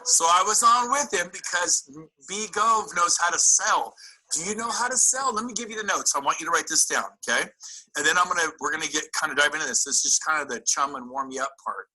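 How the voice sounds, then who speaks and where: A man coaching real estate agents at a live seminar, animated and incredulous, acting out what people said to him. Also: on the high side, brisk, low-quality recording. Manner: animated, incredulous, acts out quotes. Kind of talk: motivational seminar talk.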